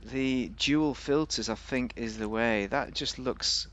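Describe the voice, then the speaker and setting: A man's voice: medium pitch, takes it slowly, a bit bright. A man giving a casual, rambling, jokey commentary while reviewing a car in a video game.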